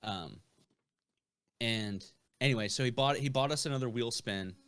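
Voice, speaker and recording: A young man on a podcast who tells long, rambling stories, peppered with fillers and profanity. His voice is bright and forceful, at an ordinary pitch for a man. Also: moderate pace, smooth. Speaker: podcast guest. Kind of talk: casual storytelling.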